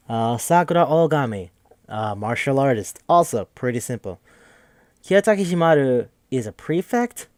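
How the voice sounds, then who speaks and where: A man's voice: mid-range voice, darkish tone, dry recording, studio quality. A man hosting a podcast, recapping a game in a rambling, joking, profane casual chat. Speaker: podcast host.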